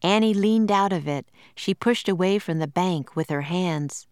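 A woman narrating a children's storybook in a slow, measured and clear manner. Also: lowish voice, no room sound, clean studio sound.

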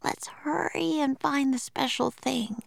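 A woman's voice: fairly high pitch, lively intonation, takes it slowly, vocal fry, dry recording, clean studio sound, voice pushed up, full character voice. A woman voicing a bold, eager young girl in a storybook reading, with breathless, urgent lines. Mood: whispering.

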